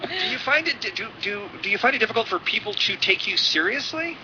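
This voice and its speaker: A man co-hosting a radio call-in show, brisk and teasing as he takes callers. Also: high voice, big pitch swings, lo-fi sound, very noisy. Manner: brisk, teasing, runs the calls.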